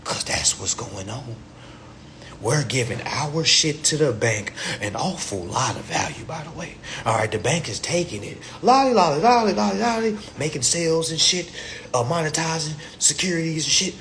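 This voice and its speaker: A man's voice: on the high side, expressive, moderate pace, pushed and bright, a little hiss or hum. A man hosting a casual livestream rant, talking in loose, profane street slang and acting out little back-and-forth dialogues into his phone. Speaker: host of a livestream.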